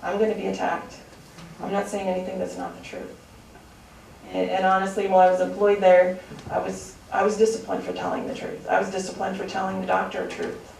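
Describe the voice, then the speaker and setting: A woman's voice: medium pitch, monotone, a little fast, gravelly, a little mellow, a little hiss or hum. A woman speaking earnestly and insistently as a citizen during public comment at a city council meeting. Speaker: citizen and former hospital employee. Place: council chamber. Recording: very echoey distant council-chamber recording.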